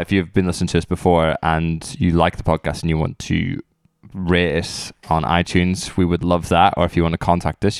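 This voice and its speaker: A man hosting a casual podcast with friends, playful and self-deprecating, with bursts of excitement. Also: deep voice, smooth, no echo, studio quality. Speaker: podcast host. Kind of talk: casual chat.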